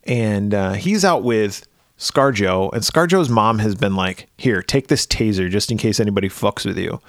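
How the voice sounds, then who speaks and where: A man's voice: on the low side, normal speed, no echo, studio quality. A man co-hosting a podcast, recapping a movie in casual chat, laid-back and swearing freely. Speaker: podcast co-host.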